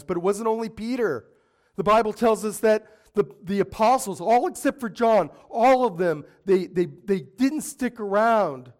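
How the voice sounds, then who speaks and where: A man preaching a sermon, telling the story dramatically, dropping to a hush and then rising to forceful quoted lines. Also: high voice, normal speed. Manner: dramatic storytelling, swinging between hushed and forceful, acting out quoted voices. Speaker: pastor.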